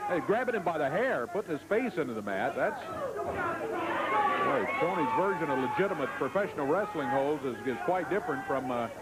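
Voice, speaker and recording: A man hosting and calling a televised wrestling segment, excitable and full of fillers. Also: a little high, normal speed, over a noisy crowd, very noisy. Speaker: wrestling announcer and interviewer.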